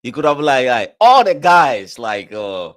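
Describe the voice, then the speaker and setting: A man in casual podcast chat, telling a story with animated quoted dialogue and plenty of swearing. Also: medium pitch, measured pace.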